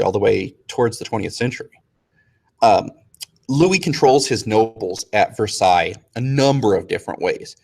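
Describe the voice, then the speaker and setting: A man teaching a casual history review lesson, joking with students and slipping into quick, slangy voices for historical figures. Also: lowish voice, gravelly.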